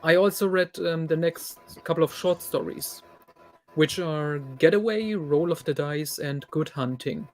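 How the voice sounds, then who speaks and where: A man's voice: fairly high pitch, unhurried, a little mellow, faint music behind. A man hosting a casual chat, blunt and swearing casually.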